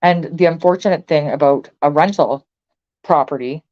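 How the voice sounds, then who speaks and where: This Canadian vlogger talks at normal speed in a low-pitched voice, with lo-fi sound quality. She rants angrily about politics to the camera, addressing viewers bluntly with frequent profanity and plenty of fillers.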